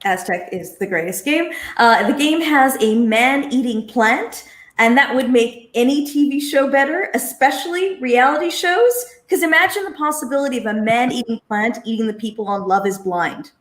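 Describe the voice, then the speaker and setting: A woman's voice: fairly high pitch, moderate pace, a bit bright, reverberant. A woman comedian on a game show panel, delivering short punchy one-liners. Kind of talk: comic pitch on a game show.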